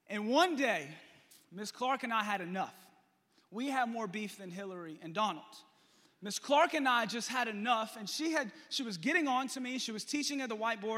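High, bright-voiced young pastor preaching. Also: male voice. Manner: animated, jokey, talks to the congregation. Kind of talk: storytelling sermon. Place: church. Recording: long hall reverb.

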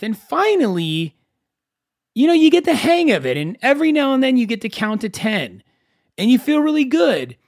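A man with a somewhat high voice hosts a solo podcast. He talks casually and tells stories with animation, often poking fun at himself. The sound is dry and close. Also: normal speed, dry recording. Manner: conversational, animated storytelling with self-mocking asides. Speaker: podcast host.

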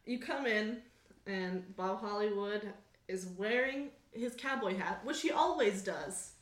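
Giggly, lively woman game master. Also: mid-range voice, a little slow. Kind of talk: narrating a tabletop game. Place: garage. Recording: echoey garage with faint noise.

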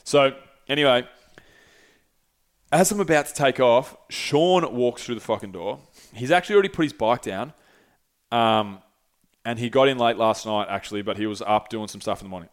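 Alone at the mic, a young podcast host rambles through a lengthy travel anecdote, swearing freely and leaning heavily on filler words. His voice sits at a medium pitch with a clean tone, and he keeps a moderate pace, pausing often.

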